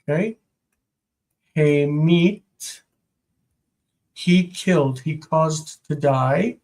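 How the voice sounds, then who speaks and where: A man teaching Hebrew grammar in a live stream, slow and patient, repeating each word several times. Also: fairly high pitch, darkish tone.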